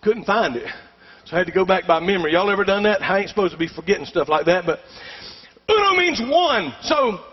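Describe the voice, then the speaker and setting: Middle-aged pastor, very high male voice, emphatic call-and-response preaching, muffled church recording with long reverb. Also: animated, brisk, husky. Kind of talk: sermon. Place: church sanctuary.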